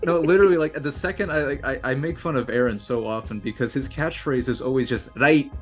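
A jokey man guest, mid-pitched, chatting loosely and tripping over his restarts. Faint music plays beneath the talk. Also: fast. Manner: animated, jokey, stammering restarts. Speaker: guest cast member. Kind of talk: casual chat.

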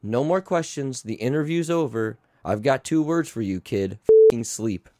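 A man's voice: mid-range voice, animated, normal speed, dark tone, dry recording. A man co-hosting a podcast who reads a bedtime story aloud in a mock-soothing tone, swearing and laughing with the other hosts in a small studio. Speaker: podcast co-host. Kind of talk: casual chat and reading a story aloud.

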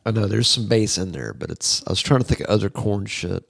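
Gravelly animated man, casual talk. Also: lowish voice, a little fast, no room sound, clean studio sound. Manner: animated, swearing, nerdy tangents. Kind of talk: casual chat about metal bass players.

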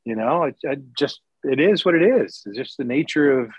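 A blunt, candid middle-aged man, a former baseball broadcaster, is a guest in a casual interview, speaking in quick bursts with many restarts and sarcastic asides. His voice is medium-pitched, husky and animated. The recording is dry, slightly dull and lo-fi.

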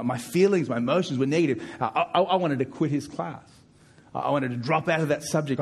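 With frequent repetition, a middle-aged preacher pushes his key points louder and higher in an emphatic sermon. His voice is slightly rough.

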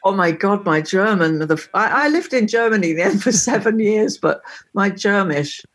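A woman with a slightly husky, breathy tone talks in a relaxed, chatty way. She tells anecdotes and playfully demonstrates phrases as if teaching a friend. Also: medium pitch, moderate pace. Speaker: guest musician. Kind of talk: casual conversation on a call.

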